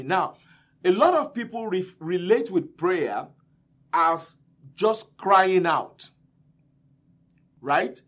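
A male preacher delivering a sermon, emphatic and repetitive, swinging between loud and soft. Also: high-pitched, expressive, very slow, pauses often.

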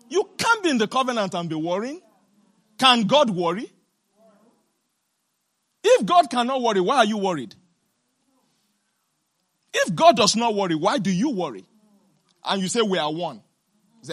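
A woman preacher delivering an emphatic sermon, asking the congregation question after question and breaking into shouts and laughter. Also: a little high, husky. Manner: asks the congregation rapid rhetorical questions.

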